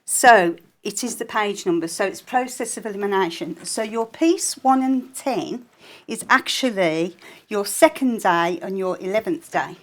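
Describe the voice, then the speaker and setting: A woman's voice: mid-range voice, animated, unhurried. A woman giving a live sewing demonstration on a shopping channel, chatty and jokey as she explains each step.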